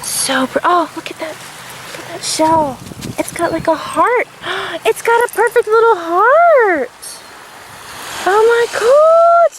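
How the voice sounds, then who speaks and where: A woman vlogging outdoors on a beach with a handheld camera, gushing and gasping with excitement as she talks. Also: very high-pitched, unhurried, low-quality recording. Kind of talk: casual vlog narration. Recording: loud wind noise outdoors. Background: wind and water.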